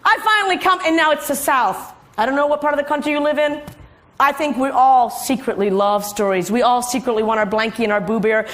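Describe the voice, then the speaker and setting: A woman's voice: high voice, fairly quick. A middle-aged woman telling a story before a live audience, with playful asides to the crowd.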